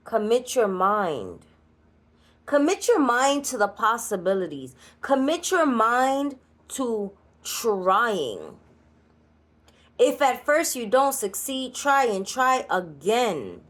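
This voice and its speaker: A woman with a New York Puerto Rican accent giving a channeled card reading, chatty and blunt, with laughing asides. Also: medium pitch. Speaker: spiritual card reader. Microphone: solo creator recording.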